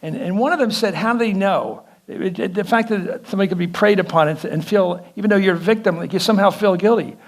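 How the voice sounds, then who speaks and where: A man, an actor, talking onstage in an animated, opinionated way with quick asides. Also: high-pitched, creaky. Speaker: actor in conversation with a director. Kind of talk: onstage conversation before an audience.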